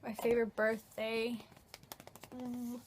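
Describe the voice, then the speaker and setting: This late-teens vlogger, nineteen, speaks slowly in a fairly high, level voice that's husky and darkish in tone. She wanders through a casual get-to-know-me Q&A, full of fillers and restarts.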